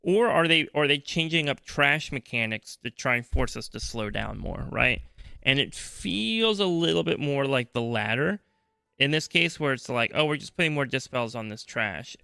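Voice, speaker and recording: Guy on a gaming podcast, gravelly, rambly, kinda sleepy, dry close mic. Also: mid-range voice, expressive, moderate pace, bright, forceful tone, no echo. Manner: rambling, restarts often, slips into quoted reactions. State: sleepy, yawning. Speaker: podcast co-host. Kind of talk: casual gaming podcast chat.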